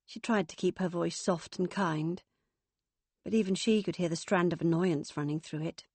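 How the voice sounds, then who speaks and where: A woman narrating a novel audiobook in a steady, even storytelling voice. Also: on the low side, moderate pace, breathy edge, no echo. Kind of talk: scripted narration.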